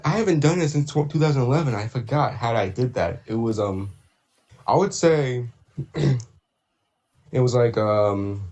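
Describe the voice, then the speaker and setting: A man chatting casually on a livestream about doing voice impressions, rambling with many fillers and throat clears. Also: medium pitch, darkish tone. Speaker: streamer and voice impressionist.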